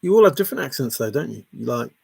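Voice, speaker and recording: A man's voice: medium pitch, big pitch swings, rapid-fire, creaky, breathy edge, no echo. A man hosting a casual livestream, reading viewer comments aloud and teasing them with a rambling, chuckling manner. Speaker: livestream host.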